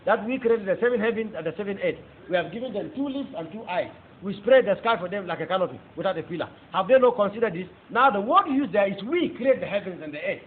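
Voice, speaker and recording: Fast, fervent Nigerian preacher, tinny sound. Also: male voice, high voice, expressive. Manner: fervent, emphatic, rising into exclamations. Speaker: preacher giving testimony. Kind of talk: testimony sermon. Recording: tinny phone-like audio with faint noise.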